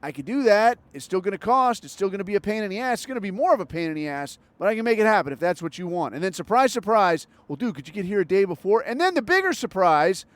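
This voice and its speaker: High-pitched, profane older man ranting. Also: sing-song, quick pace, hardly any pauses, dry recording. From Southern California. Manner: angry, profane, sarcastic. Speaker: podcast host. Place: in a car while driving.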